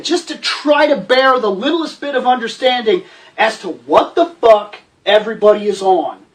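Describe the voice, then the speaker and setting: Man, host, ranting movie review, profane, sarcastic, slightly distant mic. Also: very high voice.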